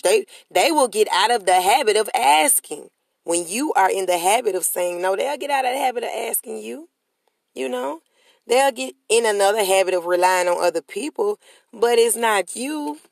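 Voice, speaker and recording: A woman's voice: medium pitch, no echo. A woman giving a motivational monologue to viewers in a casual, slangy way, emphatic and repetitive, leading her listeners in call-and-response chants. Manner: casual, slangy street talk. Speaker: motivational speaker.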